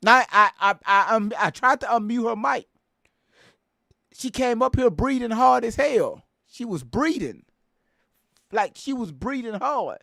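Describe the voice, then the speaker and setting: A man's voice: extremely high pitch, expressive, a little slow, creaky, bright, forceful tone, dry recording, studio quality. A man hosting a live stream, chatting loosely with a lot of laughter and cursing. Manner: laughing, profane, loose banter. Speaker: livestream host. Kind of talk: casual live-stream chat.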